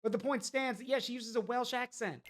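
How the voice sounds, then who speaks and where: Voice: medium pitch, a little fast. A streamer in casual gameplay commentary, rambling, chatty and opinionated. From United States.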